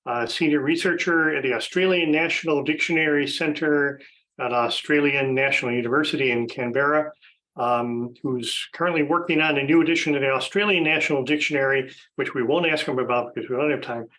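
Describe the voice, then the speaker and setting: A man's voice: fairly high pitch, fairly quick, bright, forceful tone, poor audio. Chatty man hosting a podcast panel. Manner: chatty, with frequent fillers and restarts. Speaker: podcast host. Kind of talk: casual panel introductions.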